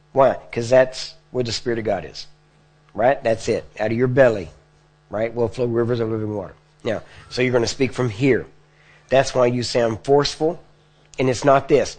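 A man preaching to a live audience in a plain, everyday speaking voice. He explains things step by step and keeps checking in with his listeners as he goes. His pitch sits in the middle range for a man. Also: darkish tone. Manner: conversational, checks in with the crowd often. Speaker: preacher teaching healing prayer. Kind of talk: sermon. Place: church or meeting hall before a live audience.

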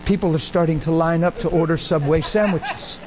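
A man preaching a sermon, telling stories and acting out the dialogue with animated energy. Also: brisk, slight background noise, poor audio. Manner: animated, acts out dialogue, rises in pitch when excited. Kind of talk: sermon with storytelling.

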